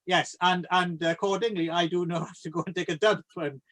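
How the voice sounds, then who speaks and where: A man's voice: high voice, steady tone, fairly quick, fairly bright tone. A man hosting a casual film podcast, joking and laughing often. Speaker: podcast host. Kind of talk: casual chat about films.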